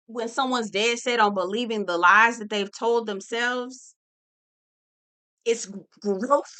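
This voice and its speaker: A woman hosting a casual reality TV recap, sassy and profane, telling the story with animated asides. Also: on the high side, takes it slowly, smooth.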